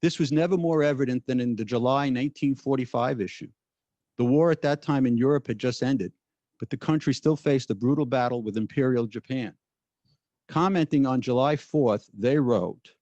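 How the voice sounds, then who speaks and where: A man delivers a formal keynote at a ceremony, measured and earnest. His voice sits mid-range. The recording is dull and dry, with little room sound. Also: medium pitch, mellow, dry recording. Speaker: judge giving keynote speech.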